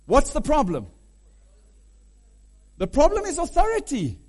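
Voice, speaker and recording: A man preaching a sermon, animated, humming tunes and questioning his listeners. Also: very high-pitched, measured pace. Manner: animated, hums and sings melodies aloud; asks the audience questions.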